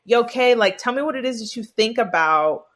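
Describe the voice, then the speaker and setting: A woman who owns a marketing agency, a guest in a conversational interview, telling her story in a lively way and acting out quoted dialogue. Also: a little high, normal speed.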